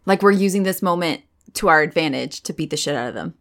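A woman playing a tabletop game, chatting casually and thinking out loud with a wry edge. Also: lowish voice, animated, fast.

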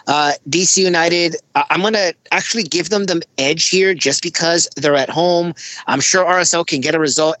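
A podcast host running a casual sports prediction show, keeping things moving in a steady, businesslike way over a remote call. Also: mid-range voice, dry recording, poor audio.

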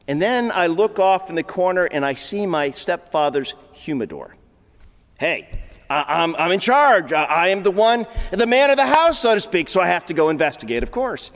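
High-voiced storytelling preacher. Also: male voice, sing-song, normal speed, fairly bright tone. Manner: earnest storyteller, repeats words as he goes. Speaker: pastor. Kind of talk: sermon storytelling. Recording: long hall reverb.

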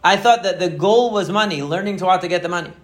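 A man's voice: high voice, fast talker, slight background noise, lightly acted. A man voicing an eager young male student who hopes to get rich. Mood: remorseful.

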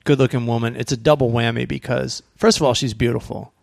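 A man's voice: medium pitch, fairly even intonation, fast, gravelly, no room sound, clean studio sound. A man chatting casually as a podcast guest, joking and riffing on movie trivia.

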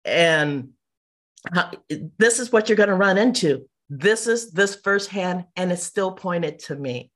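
A middle-aged woman, an interview guest, telling personal stories in a lively, casual way and acting out what people said. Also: on the low side, a little slow. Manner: animated, mimics people in quotes.

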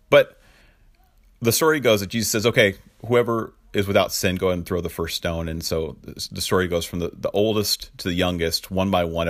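A man's voice: fairly low pitch, fairly bright tone, dry recording, studio quality. A man preaching in a conversational way, with casual fillers and chuckling asides. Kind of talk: conversational sermon teaching.

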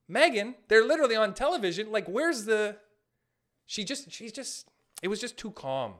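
A man's voice: high voice, normal speed. A man in his late twenties hosting a solo podcast, ranting comically with jokes and laughing at himself. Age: late 20s. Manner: animated, jokey, laughs at own jokes. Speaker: podcast host. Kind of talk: comedic solo podcast rant.

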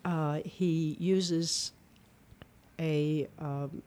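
An older woman with an Eastern Kentucky accent chats in a relaxed radio interview. She tells stories in an animated way and slips into other voices to show what she means. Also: deep voice, extremely slow. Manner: animated storyteller, demonstrates voices. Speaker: guest, retired speech and theater teacher. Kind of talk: casual interview chat.

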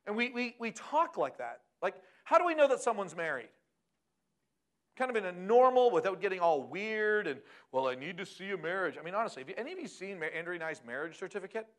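A middle-aged man giving a sermon as a pastor, animated and often asking the audience questions. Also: sits high, fast.

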